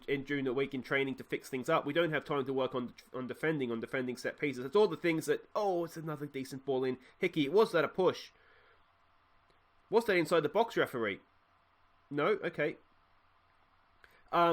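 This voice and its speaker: A young Australian man commentating his own football management game, talking casually and breaking into exasperated yells. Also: medium pitch. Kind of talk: let's-play commentary.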